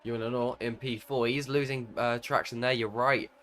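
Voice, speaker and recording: A man's voice: mid-range voice, normal speed. A man commentating on a sim racing league event, calling the race with energy and often stopping to correct himself. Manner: excitable race calls, self-correcting. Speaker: lead commentator.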